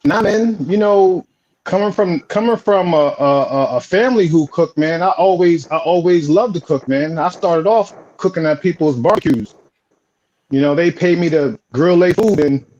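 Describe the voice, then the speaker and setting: A man with a New York accent, a home baker, speaks in a relaxed, rambling way, circling back on his first words. His voice sits a little high. The recording is dull and lo-fi. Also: slight background noise. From Philadelphia, raised on Staten Island. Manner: relaxed, repeats and stammers at phrase starts. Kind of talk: casual storytelling. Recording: dull lo-fi audio.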